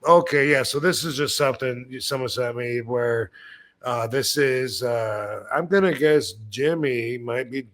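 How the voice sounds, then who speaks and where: A man's voice: medium pitch, measured pace, a bit bright. Male podcast host, easygoing and rambling, full of fillers and restarts. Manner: laughs between remarks. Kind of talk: casual chat.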